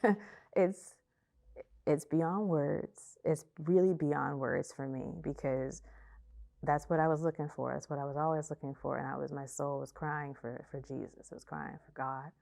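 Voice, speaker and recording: A young woman telling her personal faith testimony, emotional and halting, often repeating herself and trailing off. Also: low-pitched, steady tone, gravelly, mellow. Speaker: testimony speaker.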